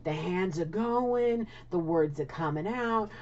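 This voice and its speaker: A woman's voice: lowish voice, expressive, slow pace, hardly any pauses, background noise. A woman giving a casual spiritual tarot reading, blunt and swearing, often checking in with "okay?". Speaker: tarot card reader. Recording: dull lo-fi audio.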